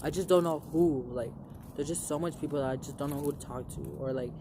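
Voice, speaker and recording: A man's voice: fairly high pitch, steady tone, fairly quick, noisy background. A young man telling a long personal story to his viewers in a rambling, profane way, full of "like" fillers. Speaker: vlogger. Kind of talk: casual storytelling to camera.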